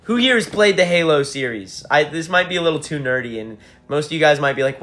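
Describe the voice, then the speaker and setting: A man's voice: on the high side, brisk, few pauses. Hyped young man chatting on a livestream. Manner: excitable, swearing, hype-driven, jumps between topics. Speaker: band frontman livestreaming to fans. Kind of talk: casual livestream chat with viewers.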